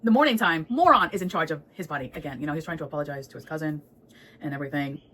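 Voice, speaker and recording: A woman's voice: sits low, rapid-fire, fairly bright tone, a little hiss or hum, poor audio. A woman giving a casual, chatty book recap, laughing often and swearing freely. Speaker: book reviewer.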